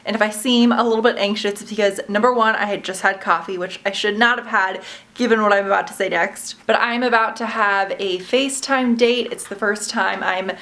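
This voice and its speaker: A woman's voice: medium pitch, fairly even intonation, a little fast, a bit bright. A woman in her twenties vlogging at home in casual, candid chat, filling her talk with "you know" and "like" as she confesses her self-doubt. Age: 20s. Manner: chatty and candid, frequent fillers like "you know" and "like". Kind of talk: casual vlog chat to camera.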